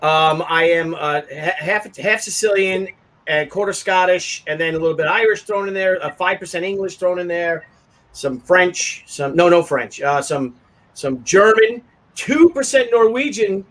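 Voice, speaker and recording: A man with a high-sitting voice, talking a little slowly over poor audio, hosts a casual online talk show. He rambles through a long, animated story full of restarts and asides.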